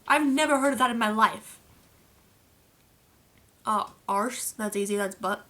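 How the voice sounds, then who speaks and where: A woman's voice: a little high, measured pace, pauses often, bright, forceful tone. A young Australian woman with an Adelaide accent, chatting playfully in a casual vlog as she reads through a list of slang. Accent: South Australian. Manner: chatty, playful, laughs at the entries. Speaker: vlogger.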